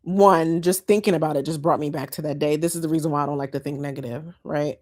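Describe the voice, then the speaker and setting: Woman vlogger, low voice, chatty and heartfelt, talking straight to her viewers. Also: fairly even intonation, quick pace, a little mellow. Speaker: lifestyle vlogger. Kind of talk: casual chat to viewers.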